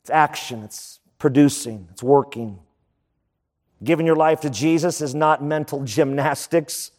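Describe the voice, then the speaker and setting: A man's voice: on the high side, measured pace, darkish tone, in a large hall. A man preaching a sermon as pastor, emphatic and repeating key phrases for effect.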